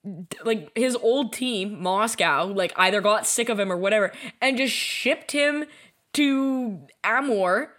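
Young woman, podcast co-host, casual storytelling, animated, laughing, acts out quotes. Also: medium pitch, a little slow.

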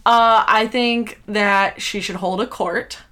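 A woman's voice: medium pitch, slow pace. Joking woman from South Carolina. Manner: joking, laughs often, animated. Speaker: podcast co-host. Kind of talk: casual chat.

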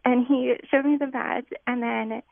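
Young woman on a phone line, high gravelly voice, kinda hesitant, tinny. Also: fairly even intonation, a little slow, dry recording. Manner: chatty, hesitant with ums. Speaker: caller. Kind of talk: phone-in storytelling.

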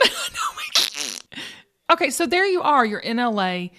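A woman's voice: a little high, huge pitch swings, normal speed, bright, forceful tone. A woman hosting a podcast, chatty and playful, teasing her co-host and guests. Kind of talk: casual chat.

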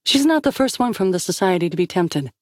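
A woman's voice: lowish voice, very animated, a little fast, dry recording, studio quality, voice pushed up. Stern commander lady, clipped and firm , a woman reading her.

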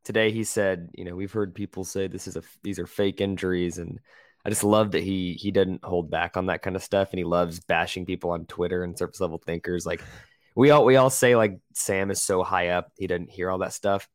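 A man's voice: low voice, fairly even intonation, fairly quick, no room sound, clean studio sound. A man co-hosting a podcast, talking casually and getting emphatic when he gives an opinion. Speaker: podcast co-host. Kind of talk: casual sports chat.

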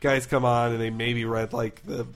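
A man's voice: medium pitch, level tone. Man, podcast co-host, loose rambling chat full of fillers and side comments. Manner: rambling, filler-heavy, quick asides. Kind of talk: casual chat.

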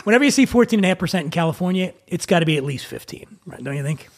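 A chatty man hosting a relaxed conversation, quick with a joke. His voice is husky and gravelly, and sits a little high for a man. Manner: chatty, joking. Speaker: host. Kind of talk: casual conversation.

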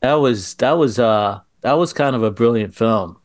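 A male actor being interviewed as a guest, speaking casually and haltingly with fillers. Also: medium pitch, dry recording, clean studio sound. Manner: halting, with many fillers and restarts.

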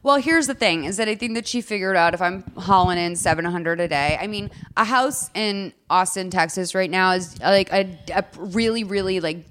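A woman's voice: on the low side, moderate pace, few pauses, a bit bright, a little hiss or hum. Chatty woman podcast host. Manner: chatty, filler-heavy, jokey. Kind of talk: casual movie recap chat.

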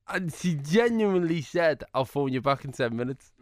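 A man, a comedian telling jokey, animated stories as an interview guest. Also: on the high side, normal speed, no room sound. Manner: jokey, animated anecdotes with acted-out quotes. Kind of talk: casual storytelling interview.

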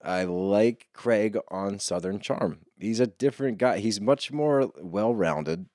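A man's voice: on the low side, takes it slowly, darkish tone, dry recording, clean studio sound. A man co-hosting a podcast, teasing his partner and steering the casual reality TV chat back on track. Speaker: podcast co-host.

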